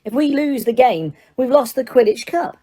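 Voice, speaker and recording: A woman voicing a determined, shaken thirteen-year-old boy wizard in an audiobook, who yells his spells in strained, high shouts. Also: lively intonation, normal speed. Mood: earnest. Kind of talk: audiobook character reading.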